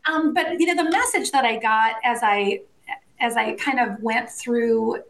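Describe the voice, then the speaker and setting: A woman guest telling stories in a casual interview, animated, laughing often and acting out the voices of people she quotes. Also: on the high side, moderate pace, gravelly. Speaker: guest, industry co-founder. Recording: roomy echo.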